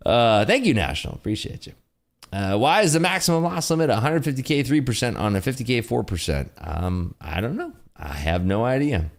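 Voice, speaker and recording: Animated man ranting on a livestream. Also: mid-range voice, moderate pace. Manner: animated, ranting, with frequent fillers. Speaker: livestream day-trading host. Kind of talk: casual livestream chat answering viewer questions.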